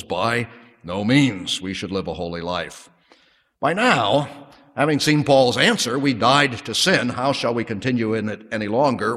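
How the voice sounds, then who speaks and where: A man preaching a sermon with measured, emphatic delivery, slowing to stress key words. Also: on the low side, in a large hall. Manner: measured emphatic preaching, drops to soft prayer.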